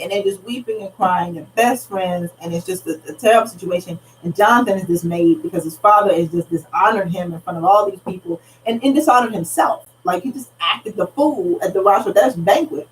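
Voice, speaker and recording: A woman's voice: medium pitch, expressive, a little fast. A woman pastor teaching a Bible study in an earnest, conversational way, retelling scripture in everyday speech. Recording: slightly distant mic, faint background noise.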